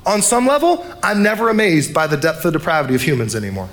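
A young man preaching a sermon, animated, acting out the characters' lines as he retells the story. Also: a little high, fast. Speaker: pastor.

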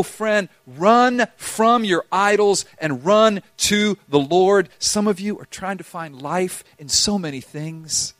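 Male pastor preaching, fairly high voice, dry close sound, swings from loud pleading to near-whisper. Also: no echo. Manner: impassioned, swings between loud urging and hushed intensity. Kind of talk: sermon.

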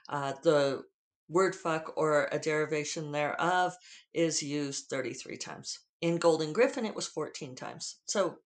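Podcast host, Western US drawl, casual chat, candid, digressive, mid-pitched voice. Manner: candid, digressive, freely profane.

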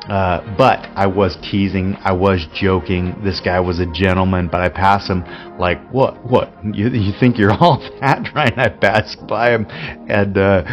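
A fairly low-voiced man talks candidly as a pastor, slipping into chatty stories with frequent laughs. The recording is dull and lo-fi. Faint music plays underneath. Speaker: podcast host, pastor. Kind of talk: unscripted devotional talk. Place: Spokane area.

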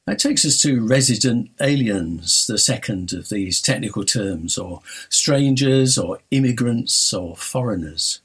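A man from North London preaching a sermon, telling stories and stressing key words with dramatic slowdowns. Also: medium pitch, expressive, a bit bright, slightly rough.

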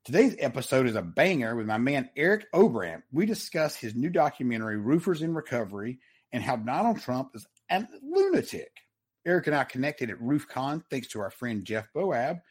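A man with a Southern US accent hosting a podcast with energetic, hyped-up salesman delivery. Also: mid-range voice, normal speed, breathy edge. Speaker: podcast host.

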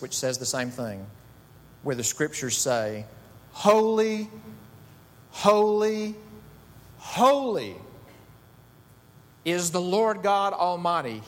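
A man preaching a sermon as pastor, emphatic, rising to high bursts on key words. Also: in a large hall.

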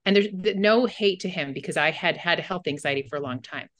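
A middle-aged woman with a slightly low-pitched voice co-hosts a podcast. She tells her own stories in a candid, meandering way, stacking fillers and restarts. The tone stays casual and conversational. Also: a little fast. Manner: candid, rambling storytelling with many fillers. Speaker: podcast co-host and anxiety coach.

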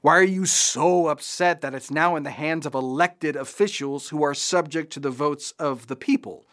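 A man's voice: a little high, moderate pace, fairly bright tone. Sarcastic male podcast host. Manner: sarcastic, mocking asides. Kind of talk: sarcastic political commentary.

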